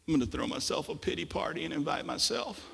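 A man preaching a sermon as pastor, swinging between hushed, reflective passages and loud, forceful outbursts. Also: on the high side, big pitch swings, fast, vocal fry, breathy edge, in a large hall. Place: church sanctuary.

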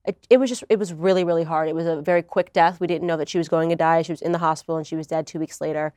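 A woman's voice: low-pitched, fairly even intonation, very fast, a little mellow, no room sound, studio quality. A young woman telling her personal story in an earnest conversational interview. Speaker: guest.

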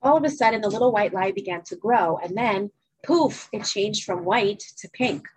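A woman's voice: mid-range voice, moderate pace, a little hiss or hum, low-quality recording. A woman teacher reading a children's story aloud to her class, then teaching and checking in with students. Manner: lively, checks in with students often. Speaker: religious studies teacher.

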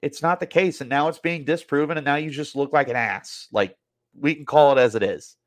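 A man's voice: on the high side, a little fast. A man hosting a sports podcast, delivering a heated, annoyed opinion rant full of repetition.

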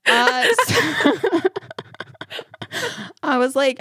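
Chatty mom telling a story, dry sound. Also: female voice, mid-range voice, moderate pace, no echo. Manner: animated storyteller, laughing often. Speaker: podcast co-host and mother. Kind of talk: casual chat and read ad.

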